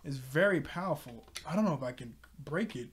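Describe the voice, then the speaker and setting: A man voicing a gloomy teenage girl sorceress from a cartoon, speaking low, flat and quiet. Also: a little fast, lightly acted.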